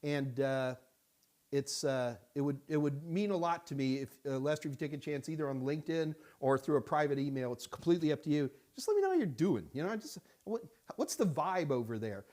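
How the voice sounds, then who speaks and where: A man's voice: fairly high pitch, expressive, brisk, darkish tone. A man hosting a live-stream Q&A. He chats casually, jokes, and greets viewers by name. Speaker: host answering viewer questions. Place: Houston studio.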